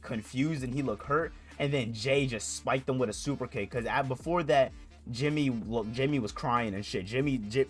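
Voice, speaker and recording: A man talks through a wrestling event in a loose, rambling way, dropping curse words and filler phrases as he goes. His voice sits at an ordinary middle pitch. Faint music plays under him. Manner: rambling, profane, repeats "you know what I'm saying". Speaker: wrestling vlogger. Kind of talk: casual recap chat.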